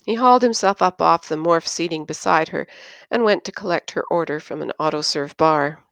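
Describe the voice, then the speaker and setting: A woman narrating a science fiction audiobook in a measured, even reading. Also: sits low, gravelly, clean tone, no echo.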